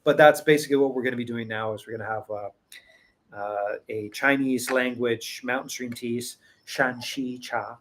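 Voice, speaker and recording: A man's voice: mid-range voice, steady tone, moderate pace, fairly bright tone, a little hiss or hum. A man hosting his own tea channel, talking casually to his viewers and often restarting his sentences. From Western. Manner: rambling, many restarts, chuckles. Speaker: tea seller and channel host. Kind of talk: casual talk to camera.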